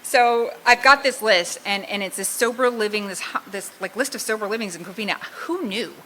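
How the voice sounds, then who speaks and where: A woman's voice: mid-range voice, a little fast, sharp tone, a little hiss or hum, rough recording. A middle-aged woman from Southern California sharing her recovery story in a candid, self-mocking way, often laughing at herself. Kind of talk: personal testimony talk.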